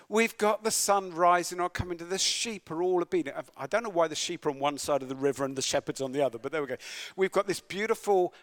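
A man's voice: fairly high pitch, fairly bright tone. A man preaching a sermon, reading scripture aloud and breaking into conversational, wry asides and self-corrections.

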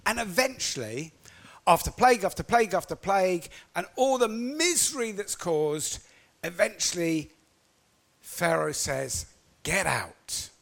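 High-voiced, animated male preacher. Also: measured pace, vocal fry. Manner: animated storytelling with acted-out quotes. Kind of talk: sermon.

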